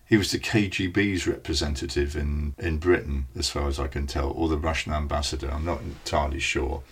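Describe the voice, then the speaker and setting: A man's voice: a bass voice, steady tone, a little fast, husky. A man co-hosting a podcast, chatting casually in a knowledgeable, matter-of-fact way. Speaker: podcast co-host. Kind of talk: casual chat about old television.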